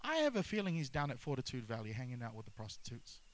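A man's voice: mid-range voice, wildly swooping pitch, fast talker, low-quality recording. A man preaching a sermon as pastor, emphatic, repeating key phrases and mixing humor with intensity.

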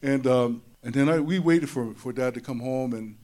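A man giving a personal testimony to an audience. He talks in an animated way, repeats his words, and drops low and soft in tender moments. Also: moderate pace. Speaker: speaker sharing a personal testimony. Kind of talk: emotional storytelling speech.

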